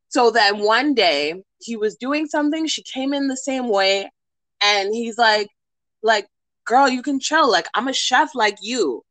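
Woman podcast co-host, bright forceful voice, slightly high, animated storytelling, dry close sound. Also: normal speed, no room sound, poor audio. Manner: animated, profane, acts out quoted voices. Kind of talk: casual storytelling chat.

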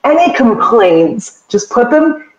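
A woman's voice: fairly high pitch, sing-song, slow, a little mellow, muffled recording. Chatty woman in an echoey room. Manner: chatty, moderates the live chat. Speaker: podcast co-host. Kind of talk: casual chat.

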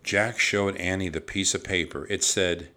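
A man reading a children's storybook aloud in a measured, expressive way. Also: low-pitched. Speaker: narrator.

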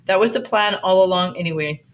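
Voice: mid-range voice, a little fast, far from the mic, lightly acted. A reader doing a fussing, worried mother. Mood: decisive. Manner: apologetic, fussing, insistent. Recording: dull lo-fi recording.

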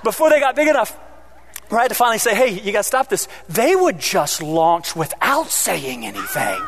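High-voiced man preaching a lively sermon. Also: normal speed, creaky. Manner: animated, swings between loud emphasis and quiet asides; joking asides to the congregation. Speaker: pastor.

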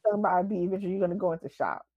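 A woman in a casual chat, animated, retelling what others said. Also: on the low side, rapid-fire, dry recording, phone-quality sound. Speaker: co-commentator.

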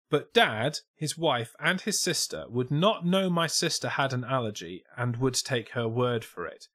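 A man's voice: medium pitch, animated, unhurried, fairly bright tone. Dry sarcastic man. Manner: dry, reading out a post, sarcastic. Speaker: podcast co-host. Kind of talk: casual comedy chat.

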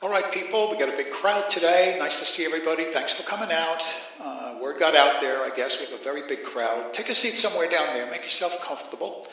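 A man's voice: on the high side, fast, hardly any pauses, bright, forceful tone. Jesus from Brooklyn, as a man puts him on, echoey. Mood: folksy. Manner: folksy, joking street-corner preaching. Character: Jesus as a chatty Brooklyn rabbi preacher. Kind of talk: comic monologue. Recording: very echoey room.

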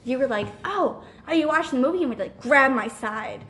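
A woman co-hosting a podcast in casual chat, laughing often, swearing and chiming in excitedly. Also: high voice, brisk, slight background noise. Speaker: podcast co-host.

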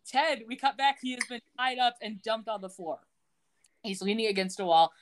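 A woman co-hosting a podcast, retelling a TV episode in casual, animated storytelling. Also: on the high side, normal speed. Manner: animated storytelling, acting out characters' lines. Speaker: podcast co-host.

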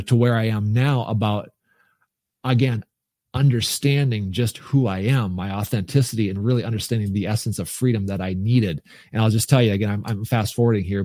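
A man's voice: on the low side, mellow, no room sound, studio quality. A middle-aged man, a podcast guest, telling his personal story in an earnest, emphatic way with frequent restarts.

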